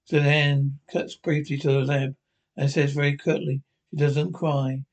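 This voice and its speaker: A man with a somewhat high voice reads out a fan-made scene description of a TV episode. His delivery is halting, full of restarts and repeated words as he works through the text. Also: completely flat delivery. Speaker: narrator.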